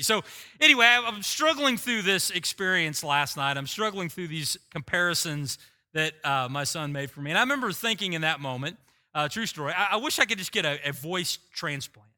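A middle-aged man preaching a sermon, telling a self-mocking story with animated, humorous delivery. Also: a little high, a little fast. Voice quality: voice likened to a screaming rock singer. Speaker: pastor.

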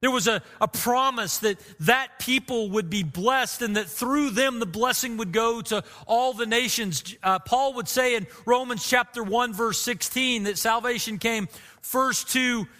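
Pastor guy preaching, high bright voice, earnest and emotional, echoey church hall. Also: a little slow. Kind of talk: sermon.

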